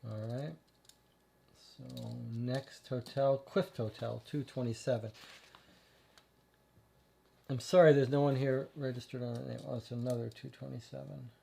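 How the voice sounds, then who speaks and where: A man talks through a detective game at a relaxed pace. His voice is mellow and unhurried as he thinks aloud and reads place names and clues from the screen. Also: medium pitch, gravelly, slight background noise. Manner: thinking aloud, reading case text. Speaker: game player reading aloud. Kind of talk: casual let's-play commentary and reading.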